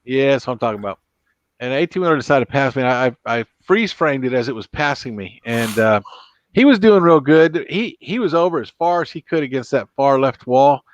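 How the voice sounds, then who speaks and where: A man's voice: mid-range voice, lively intonation, a little fast, no room sound, muffled recording. A man hosting a late-night live stream, chatting casually and rambling through road stories and corny jokes. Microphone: computer mic.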